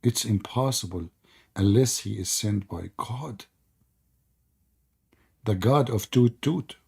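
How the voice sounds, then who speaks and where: Hoarse, mocking man hosting a debate. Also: on the low side, slow, a little mellow. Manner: mocking, sarcastic, laughs often. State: hoarse from hours of talking. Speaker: debate stream host. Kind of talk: heated live debate call.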